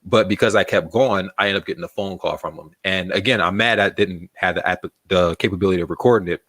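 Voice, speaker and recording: A man with a very low voice tells a story as an interview guest, loose and casual, with a swear here and there. The sound is dry and close, with hardly any room around it. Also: fast talker, a bit bright, no room sound. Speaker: magazine founder, guest.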